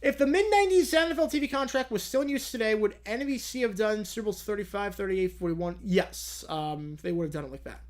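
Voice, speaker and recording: A man's voice: sits high, brisk, few pauses. Chatty, rambling young male streamer. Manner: chatty, rambling, self-correcting. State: yawning, drowsy. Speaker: live-stream host answering chat. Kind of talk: casual live commentary and Q&A.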